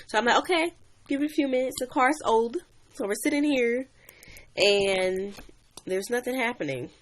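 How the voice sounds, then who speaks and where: A woman's voice: medium pitch, a bit bright. A young woman chatting on a livestream, animatedly telling a story and greeting new viewers. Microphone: webcam or phone mic.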